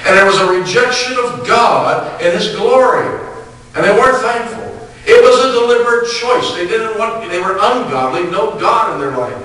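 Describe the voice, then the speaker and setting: A man's voice: sits high, expressive, normal speed, sharp tone, far from the mic. A man preaching a sermon to his congregation, reading scripture aloud and repeating phrases for emphasis. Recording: echoey hall, speaker off mic.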